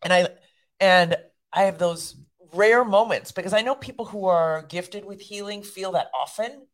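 Woman cohost chatting earnestly about prayer, jumps in a lot, medium pitch. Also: normal speed. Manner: earnest, chatty, chimes in often. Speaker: podcast co-host. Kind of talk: casual devotional chat.

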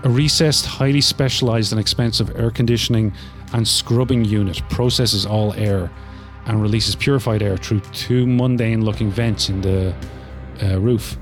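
Low-voiced male game master, laid-back narration, lots of ums. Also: normal speed, faint music behind. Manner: relaxed, full of fillers.

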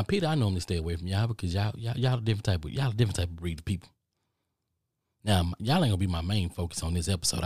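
A low-voiced middle-aged man from the United States rants through a casual podcast monologue. He keeps circling back to the same points and swears freely. His voice is close and dry, with no room sound. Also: no room sound. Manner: animated, repetitive ranting, swears. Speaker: podcast host.

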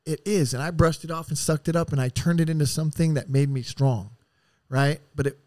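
A man telling rough stories as a podcast guest, casual and full of swearing, rambling and acting out what people said. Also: fairly high pitch, steady tone, fairly quick, darkish tone, no room sound, clean studio sound. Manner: profane, rambling, acts out quotes. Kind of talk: casual storytelling.

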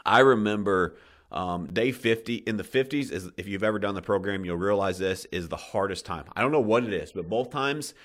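Deep-voiced man, passionate and swearing. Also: a little fast, a bit bright. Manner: passionate, swears often, restarts sentences. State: emotional. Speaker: podcast host. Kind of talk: casual podcast talk.

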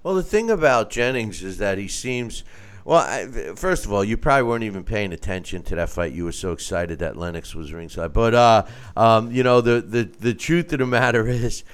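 Male co-host, resonant and animated, conversational and questioning. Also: on the low side, normal speed, clear, resonant tone. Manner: conversational, questioning, stammering restarts. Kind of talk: casual sports discussion.

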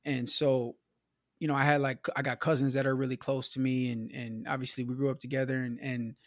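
A man's voice: mid-range voice, little pitch movement, fairly quick, no echo, studio quality. Man from the Midwest, casual storyteller. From Milwaukee, US Midwest. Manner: loose and conversational, peppers talk with "you know", "man" and "bro". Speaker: podcast guest.

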